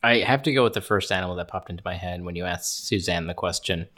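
A man's voice: deep voice, fast talker, sharp tone. A man guesting on a podcast, chatting casually and animatedly, often breaking into laughter.

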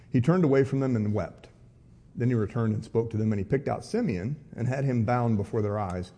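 Male pastor leading a live Bible study. Husky, warm-toned, and conversational, with wry asides between readings. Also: fairly low pitch. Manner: reads scripture aloud, then breaks off for wry, casual asides. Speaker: pastor teaching a Bible class.

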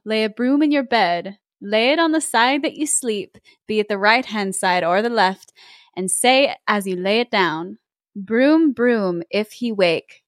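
A woman's voice: on the high side, no echo, clean studio sound. A woman voicing a sly village wife who is secretly a witch, speaking in a coaxing, conspiratorial way.

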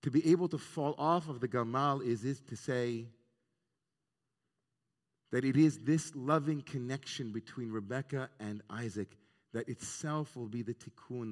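Earnest rabbi preaching in a reverberant hall. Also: male voice, medium pitch. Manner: reflective, earnest, weaves in Hebrew terms. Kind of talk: sermon on the weekly Torah portion. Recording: long reverb of a large hall.

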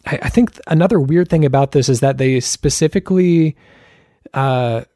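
A man discusses things casually on a podcast, pausing and restarting often. His tone is dark and mellow, recorded close and dry. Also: medium pitch, dry recording. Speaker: podcast co-host. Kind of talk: casual chat.

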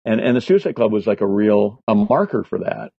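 Husky 60s guy telling wild stories, lots of swearing and um's, dry kinda dull audio. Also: lowish voice, fairly quick, dry recording. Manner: profane, animated anecdotes with many fillers. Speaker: guest. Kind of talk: casual storytelling interview.

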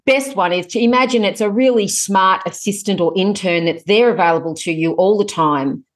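A middle-aged woman speaks as an author guest on a casual interview podcast. She talks in a chatty, animated way, leaping up in pitch when she gets excited. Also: normal speed.

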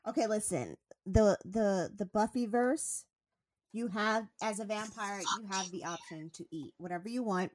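A woman's voice: mid-range voice, normal speed. A woman co-hosting a podcast in casual chat, earnestly arguing her side as a devoted fan. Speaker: podcast co-host.

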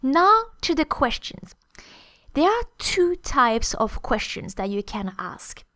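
A woman's voice: high voice, very animated, takes it slowly, sharp tone, no echo. A woman hosting a podcast language lesson, explaining at length with many hesitant fillers. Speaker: French teacher, podcast host.

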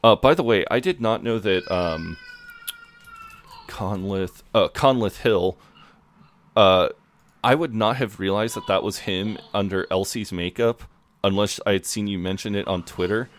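A man's voice: lowish voice, measured pace, a little hiss or hum. A man co-hosting a podcast, chatting casually, swearing freely and often restarting his sentences. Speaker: podcast co-host. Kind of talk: casual chat.

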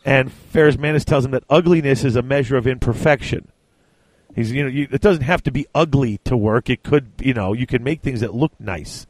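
A man's voice: mid-range voice, fairly quick, no room sound. Casual man retelling a story. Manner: retells scenes, briefly acting out lines. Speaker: book discussion co-host. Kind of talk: casual chat.

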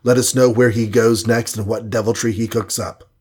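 A man reading a storybook and voicing a steady hero leader, firm and commanding. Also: lowish voice, normal speed, slightly rough. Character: steady male hero leader, grim and level-headed.

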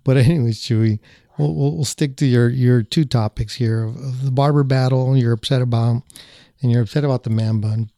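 A man's voice: mid-range voice, fairly even intonation, brisk, mellow, dry recording, studio quality. A man hosting a casual podcast, easygoing and laughing often, with frequent restarts as he steers the talk. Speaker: podcast host.

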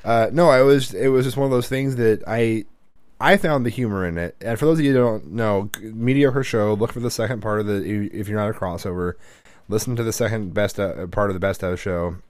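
A tired man co-hosting a podcast, his voice sitting a little low. He rambles, swears freely and restarts his sentences often, on a dry, close recording. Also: brisk, darkish tone, dry recording. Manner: rambling, profane, with frequent restarts and fillers. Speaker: podcast co-host. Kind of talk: casual chat.

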